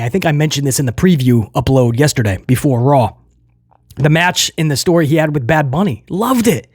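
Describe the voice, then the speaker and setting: Sex: male. Role: wrestling reviewer. Style: casual commentary. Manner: animated, chatty. Pitch: high. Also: no echo, studio quality. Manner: animated, laughing often, addresses viewers as guys.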